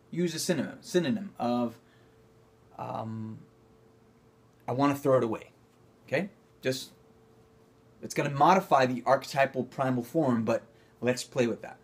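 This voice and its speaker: A man's voice: mid-range voice, a little slow, long pauses, slightly rough. A man teaching acting, talking to camera and calling out cues while he demonstrates movement exercises. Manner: coaching, calling out cues, rising to loud effortful bursts.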